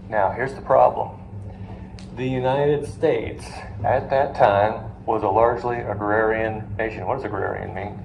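A man teaching finance to a live class, telling stories and quizzing the students as he goes. His voice sits at an ordinary middle pitch and rings around a roomy classroom. A faint hum of noise runs underneath. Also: unhurried, gravelly, darkish tone. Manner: storytelling, asks the class questions, jokey asides. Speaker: finance lecturer.

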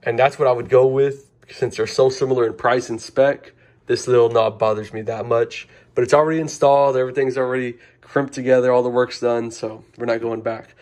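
A man's voice: mid-range voice, steady tone, brisk, darkish tone. A young man casually explaining a car radio install, rambling and informal, often correcting himself. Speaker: car audio DIY reviewer.

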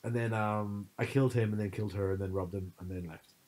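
A man co-hosting a podcast, telling stories in an animated, casual chat full of fillers. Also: fairly low pitch, fast talker, poor audio. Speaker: podcast co-host.

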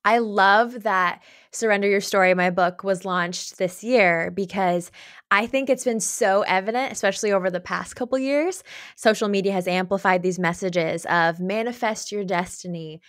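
A woman's voice: mid-range voice, moderate pace, a bit bright, no room sound, clean studio sound. A woman speaking earnestly and openly as a guest in an interview, with light laughs between thoughts. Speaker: podcast guest, author. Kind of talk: candid conversational interview.

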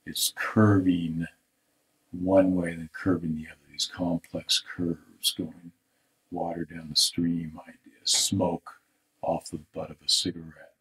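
A man with a very low voice talks slowly through an art critique. He pauses often and lets some phrases trail off into quiet mutters as he works. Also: little pitch movement, rough recording. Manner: thoughtful, halting, trails off into soft mutters. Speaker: art instructor. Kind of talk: live drawing critique.

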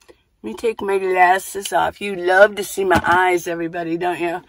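A woman with a lowish, level voice talks at normal speed to the camera about living full time in her minivan, with slight background noise. Her casual vlog moves from outdoors to inside the van, and she repeats herself and thinks out loud.

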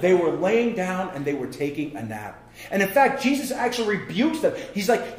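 A man's voice: high-pitched, very animated, moderate pace. A man preaching a sermon as pastor, chatty and jokey, checking in with "right?" as he goes. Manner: conversational and jokey, keeps asking "right?". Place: church sanctuary. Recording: echoey church hall.

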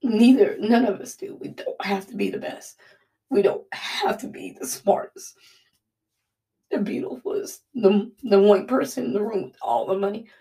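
A woman speaks a heartfelt devotional, earnest and halting, her voice catching with emotion. Her tone carries a gravelly, fry-edged texture. She sits some distance from the microphone, so the sound is a little removed. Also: mid-range voice, warm tone. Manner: Southern-style "y'all".

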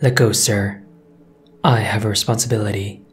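A man's voice: on the low side, steady tone, normal speed, faint music behind, lightly acted. A man voicing a shaken male bus driver who talks firmly but shakily in a horror story. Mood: tense.

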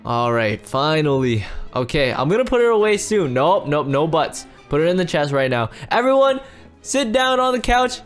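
A man hosting a casual game roleplay as a dad, excitable and rambling, full of exclamations. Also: on the high side, normal speed, clear, resonant tone, soft background music. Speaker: roleplay host playing a dad.

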